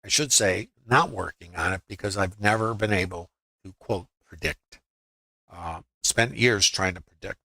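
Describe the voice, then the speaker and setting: A man's voice: low voice, moderate pace, vocal fry, pushed and bright, dry recording, poor audio. A man in his sixties giving live trading commentary to his viewers. He talks in a conversational way, thinks aloud with rhetorical questions and often checks that viewers are following. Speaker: futures trading educator.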